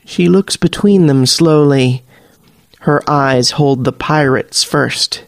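A man narrating a fantasy story podcast in a measured, deliberate storytelling manner. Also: a little high, gravelly, no room sound, studio quality. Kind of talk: scripted narration.

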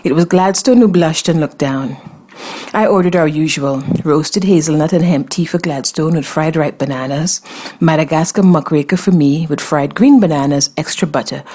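A woman narrating a first-person fantasy story in a wry, expressive way. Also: low-pitched, husky.

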